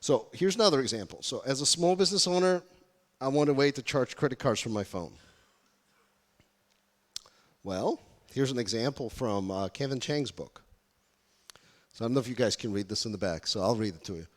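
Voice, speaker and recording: A man's voice: medium pitch, expressive, fairly quick. A man giving a UX workshop talk to a live audience, engaging them with questions. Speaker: UX workshop speaker. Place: conference room. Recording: reverberant conference hall.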